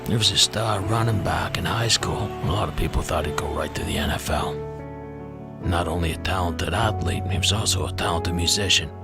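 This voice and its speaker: A man delivers a crude mock-documentary narration in a flat, deadpan manner. His voice sits low. Loud music plays under him. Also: a little fast, creaky. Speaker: host.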